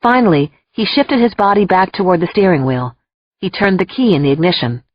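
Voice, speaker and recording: A woman narrating an audiobook in an expressive, emotional first-person storytelling voice. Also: lowish voice, fairly quick, no room sound. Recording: dull lo-fi dry recording.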